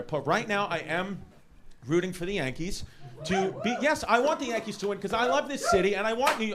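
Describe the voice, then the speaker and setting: A man with a thick New York accent rants through a stand-up set, fast, loud and rambling, his voice sitting high for a man. He is recorded live in a comedy club, with a big crowd roaring and laughing behind him. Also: animated, background noise. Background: laughing audience.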